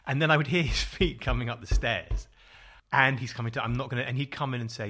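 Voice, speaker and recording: A man's voice: medium pitch, brisk, sharp tone, slightly rough. A middle-aged man co-hosting a podcast, telling rambling, self-mocking stories in casual chat. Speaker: podcast co-host.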